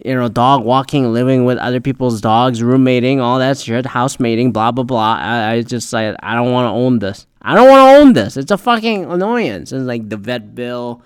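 Podcast host, young man, fast profane rambling rant, smooth and dry. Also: mid-range voice, no room sound.

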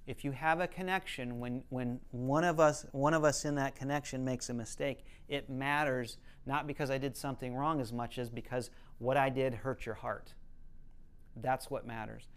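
A man with a smooth, resonant voice of middling pitch gives a relaxed teaching talk. He speaks as a counselor would, earnest and explanatory. He leans on stories to carry his points. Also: moderate pace.

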